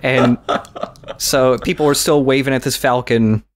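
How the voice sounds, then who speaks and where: A man's voice: mid-range voice, fairly even intonation, moderate pace. A young man co-hosting a podcast, casually telling a rambling story with laughs and swearing. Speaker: podcast co-host. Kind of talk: casual chat.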